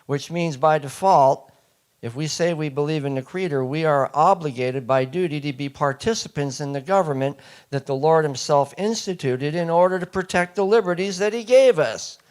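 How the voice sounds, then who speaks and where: A man's voice: on the high side, normal speed, a little mellow, smooth. A man giving a speech to a live audience, emphatic and asking the listeners one rhetorical question after another. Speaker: speaker.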